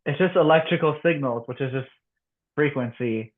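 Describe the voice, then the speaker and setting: A man hosting a podcast in a relaxed, casual chat, with halting speech and filler words. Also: mid-range voice. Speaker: podcast host. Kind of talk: casual conversation. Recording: tinny phone-like line.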